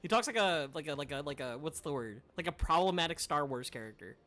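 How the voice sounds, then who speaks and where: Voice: medium pitch, lively intonation, fast talker, fairly bright tone. A game streamer chatting casually while playing, rambling with stammered restarts, crude slang and frequent laughter. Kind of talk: casual let's-play commentary while reading game dialogue.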